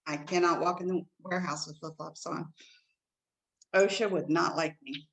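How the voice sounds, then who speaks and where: A woman co-hosting a casual chat show, telling stories in an animated way with big jumps in pitch. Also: normal speed, creaky, low-quality recording. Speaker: co-host.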